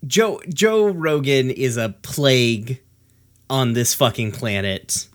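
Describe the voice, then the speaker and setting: A man's voice: medium pitch, lively intonation, slow. Profane ranting man. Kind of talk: casual podcast chat.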